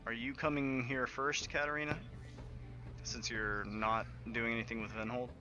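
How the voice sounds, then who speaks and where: A man acting as game master, briskly asking his players questions. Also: medium pitch, little pitch movement, pushed and bright, soft background music. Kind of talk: running a tabletop game. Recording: dull lo-fi audio.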